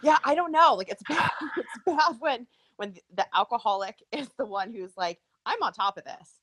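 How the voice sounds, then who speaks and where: A woman's voice: fairly high pitch, normal speed, no echo. A young adult woman, a podcast guest, telling a story in casual chat with laughs mixed in. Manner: animated storyteller, mixes in laughs.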